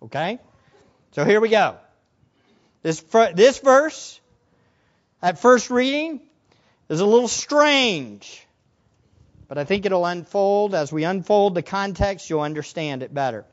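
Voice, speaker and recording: A man preaching a sermon as pastor, emphatic, asking rhetorical questions and swinging between loud and soft. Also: high-pitched, animated, a little slow, pauses often, dull audio.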